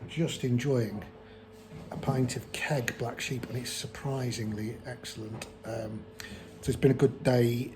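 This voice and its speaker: A man chatting through his walking diary in a rambling, relaxed way, full of ums and restarts. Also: mid-range voice, unhurried, very noisy. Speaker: long-distance walker filming a trail diary. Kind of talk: casual vlog narration.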